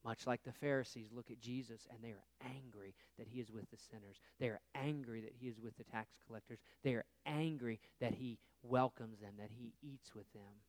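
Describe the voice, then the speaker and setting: A man's voice: mid-range voice, steady tone, normal speed, few pauses, no room sound. Earnest man preaching a sermon. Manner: earnest, rising to emphatic peaks, dropping to hushed asides. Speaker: pastor.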